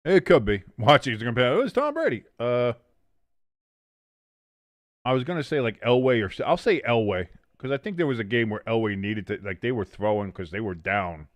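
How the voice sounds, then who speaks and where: A man's voice: mid-range voice, moderate pace, dry recording. A young man hosting a casual live watch-along of a football game, rambling, self-mocking and swearing freely as he calls plays.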